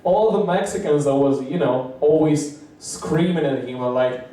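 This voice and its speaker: Man doing rambling open-mic stand-up, swearing a lot, slightly high voice, echoey room heard from far off. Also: sing-song, moderate pace, mellow. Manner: rambling, profane, acts out quotes in high voices. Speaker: stand-up comedian. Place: small comedy bar.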